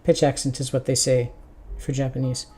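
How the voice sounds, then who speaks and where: A man streaming his Japanese study, sounding out practice sentences slowly with many restarts and chatting casually between them. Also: mid-range voice, flat delivery, mellow, faint music behind.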